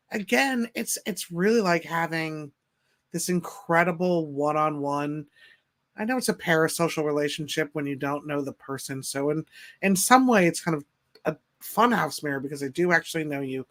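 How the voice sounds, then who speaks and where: A woman hosting a podcast, chatting casually in a gushing, jokey way. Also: low-pitched. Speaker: podcast host.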